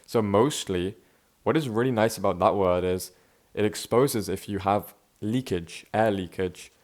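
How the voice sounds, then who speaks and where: A man's voice: on the low side, darkish tone. A young man talking casually and reflectively to camera in an unscripted vlog, loose and chatty with frequent restarts. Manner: laid-back, self-reflective, says bro and man a lot, frequent restarts. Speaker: vlogger.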